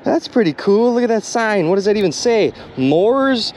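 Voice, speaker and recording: A young man vlogging outdoors by the water, exclaiming excitedly to his viewers. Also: sits high, moderate pace. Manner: excitable, exclaiming, addresses viewers as you guys. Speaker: magnet fishing vlogger. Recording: noisy outdoor recording.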